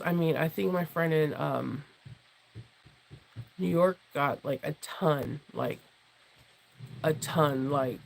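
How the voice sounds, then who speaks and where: A woman chats casually on a home livestream, her voice gravelly and husky because she is losing it. She rambles and restarts a lot and breaks into little laughs. It sounds like a relaxed talk with viewers from her sewing room. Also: rough recording. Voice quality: low, husky tone she calls her jazz voice. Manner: rambling and chatty, with many restarts, fillers and laughs. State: losing her voice, deeper than usual. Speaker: sewing channel host and sewing teacher.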